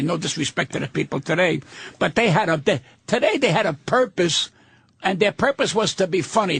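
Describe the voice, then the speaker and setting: An older man with a raspy, gravelly voice that sits fairly high goes off on a profane, combative rant. He is a veteran comic guesting on a talk radio show. The sound is close and dry, with no room around it. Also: a bit bright, no echo. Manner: profane, combative, gruff ranting.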